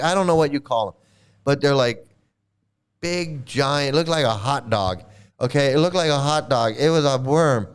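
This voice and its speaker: Laughing, rambling man with smooth voice. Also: a little high. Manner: laughs often, profane, mimics others in quoted asides. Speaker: streamer answering chat. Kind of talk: casual rambling chat. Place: home in Thailand.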